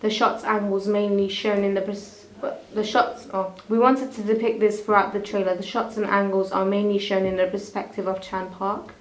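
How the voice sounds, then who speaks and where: Young female student presenter, reads haltingly, roomy echo, mid pitch. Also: flat delivery. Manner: stumbling, restarting lines. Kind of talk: reading a school media evaluation.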